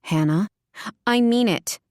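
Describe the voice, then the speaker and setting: A woman's voice: mid-range voice, slow pace, a little mellow, dry recording, clean studio sound, pitched above the performer's own voice, lightly acted. A woman narrator voicing a bitter, guarded mother who speaks in curt, clipped lines.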